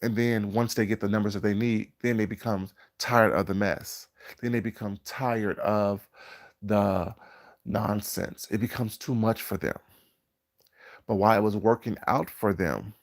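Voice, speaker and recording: Groggy low-voiced man preaching on a stream. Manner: drawn-out, preachy, greets chat viewers. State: groggy morning voice. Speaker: live-stream host. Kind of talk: casual live-stream commentary.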